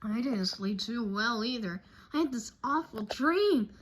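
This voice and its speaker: A woman voicing a young boy bear cub, loud and urgent, in a storybook reading. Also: a little high, lively intonation, a little slow, husky. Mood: earnest.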